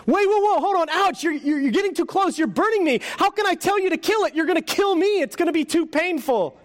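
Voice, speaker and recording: Whining, stammering ghost in a panic, high and frantic, voiced by a preacher. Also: male voice, animated, a little fast. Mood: panicked pleading. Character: frightened whining male ghost clinging to sin.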